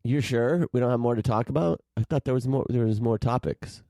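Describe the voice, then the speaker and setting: A man's voice: mid-range voice, brisk, creaky, mellow, no echo, studio quality. A man co-hosting a podcast in casual chat, laid-back and wry, often trailing off. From California. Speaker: podcast co-host.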